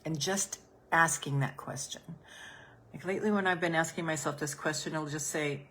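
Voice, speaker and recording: A woman with a low, deep voice guides listeners through a calm healing exercise as a business coach. She speaks soothingly and gently, repeating her phrases softly. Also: normal speed. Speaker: business coach and podcast host.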